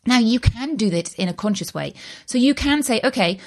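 A woman's voice: on the high side, expressive, moderate pace, darkish tone. Woman in her thirties, host of a motivational talk, earnest and reassuring, conversational delivery.

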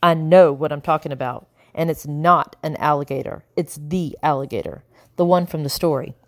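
A woman voicing a nervous, secretive boy who speaks in hushed, pleading tones. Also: low voice, steady tone, brisk, no echo, clean studio sound. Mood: tense.

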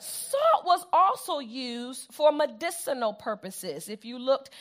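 A woman's voice: high voice, sing-song, slow pace, a bit bright. A woman preaching a sermon, repeating phrases for emphasis and calling on the congregation to answer back.

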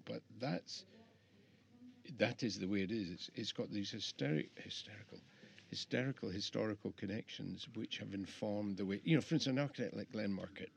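Gravelly middle-aged man, rambling. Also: lowish voice, fairly quick. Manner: rambling, restarts often, reflective. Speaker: architect guest. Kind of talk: casual interview chat. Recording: faint background noise.

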